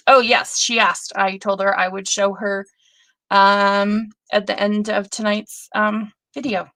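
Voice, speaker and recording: A middle-aged woman hosting a live stream, chatting and gushing excitedly over viewers' projects in a rambling way. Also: mid-range voice, dry recording. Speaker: host.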